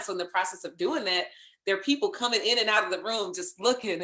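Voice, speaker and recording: Animated woman telling a story, echoey room. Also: medium pitch, fairly quick. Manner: animated storyteller, acts out others' lines, laughs. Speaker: interview guest, singer and voice actor. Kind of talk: storytelling in casual interview chat.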